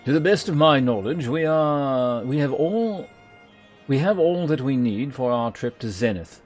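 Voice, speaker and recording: A man's voice: mid-range voice, animated, a little slow, a little mellow, soft background music. A man reading aloud the lines of an earnest young male scholar in a game, in formal phrasing.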